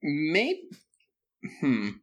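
Playful, high-voiced podcast host. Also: male voice, huge pitch swings, very slow, fairly bright tone. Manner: playful, bursts into bits and mock drama. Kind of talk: comedic banter.

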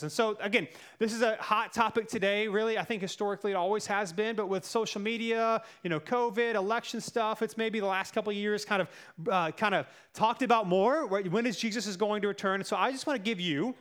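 A man's voice: sits high, a bit bright. A man giving a casual, conversational sermon as a pastor, talking through his points with many fillers and asides. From United States.

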